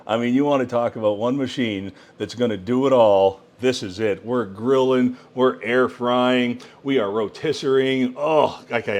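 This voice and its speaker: A man's voice: mid-range voice, normal speed, few pauses, darkish tone. A man presenting a countertop cooker in a product demo, exclaiming with enthusiasm over the food. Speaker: product demonstrator.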